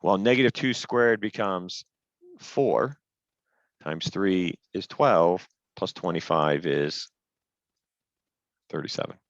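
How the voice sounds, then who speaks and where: A man walks his class through each step with patience and leans hard on the rules. His voice sits a little low and comes through a headset on a dull, lo-fi call line with a dry, close sound. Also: takes it slowly, long pauses, dry recording. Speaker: teacher. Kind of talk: online class lecture.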